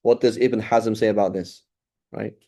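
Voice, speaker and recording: A man's voice: on the low side, steady tone, moderate pace, vocal fry, dark tone. A middle-aged man giving an informal lecture as an Islamic studies teacher, talking casually with many fillers and restarts.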